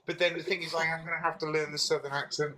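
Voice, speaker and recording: A man's voice: a little high, flat delivery, very fast, pushed and bright. A man with a British accent, talking sarcastically and stammering over his words. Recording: noisy line.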